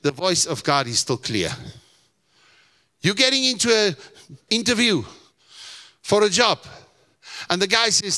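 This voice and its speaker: A pastor preaching a sermon in church, animated, putting on voices and asking his congregation questions. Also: fairly high pitch, moderate pace, long pauses. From South Africa. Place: church hall.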